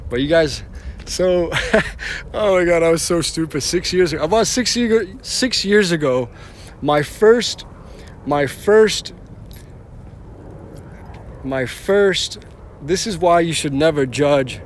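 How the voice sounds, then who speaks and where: A man's voice: fairly high pitch, slow, pauses often, a little hiss or hum. A man driving for rideshare, telling a story on a casual live stream in a rambling way, restarting often and swearing casually.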